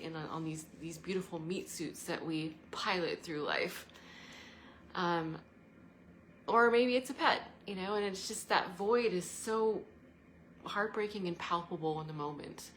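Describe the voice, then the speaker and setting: Woman vlogger, lower-pitched, earnest and rambling, casual talk to camera; faint room hum behind. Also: a bit bright. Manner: meandering, earnest, breaks into laughter. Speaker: travel and spirituality vlogger. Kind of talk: casual reflective monologue. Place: indoor living room by a fireplace.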